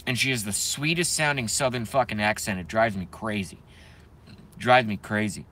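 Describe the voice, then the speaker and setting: Casual streamer guy, bright clear tone, loose rambling delivery, jokes around with chat. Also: lowish voice, moderate pace. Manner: rambling, joking, reads chat aloud. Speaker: live stream host.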